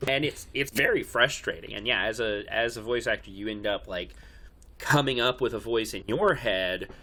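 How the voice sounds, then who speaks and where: A man's voice: on the low side, normal speed, bright, forceful tone. A man who works as a voice actor, chatting casually on a podcast and leaning on fillers. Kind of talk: casual chat.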